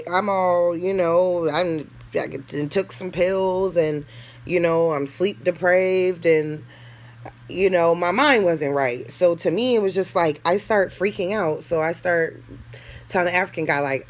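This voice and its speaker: A woman's voice: lowish voice, normal speed, a bit bright. A woman telling her own story in a casual storytime monologue, candid and blunt, with lots of slang and swearing, laughing now and then and acting out what others said. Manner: laughs through the telling and acts out other people's lines. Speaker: storyteller vlogger.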